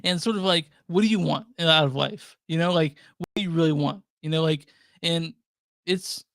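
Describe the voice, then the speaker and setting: A male co-host talks thoughtfully about a film, agreeable and quick to laugh. His voice sits a bit high for a man and sounds dry and close, with no room around it. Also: vocal fry, a bit bright, dry recording. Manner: agreeable, laughs often, reflective. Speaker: podcast co-host. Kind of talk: casual movie review chat.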